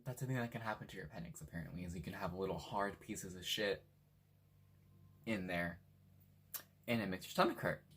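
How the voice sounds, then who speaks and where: A young man from Washington State telling a story in a casual, animated way, swearing freely and acting out what people said. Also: sits low, brisk, pauses often, noisy background. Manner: animated, swears a lot, acts out quotes. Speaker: vlogger.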